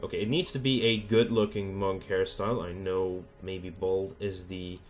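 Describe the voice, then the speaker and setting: Man, let's play host, low-ish voice, hesitant and casual, lots of ums. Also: flat delivery, normal speed, soft background music. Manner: hesitant, thinking aloud with many fillers. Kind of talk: casual gameplay commentary.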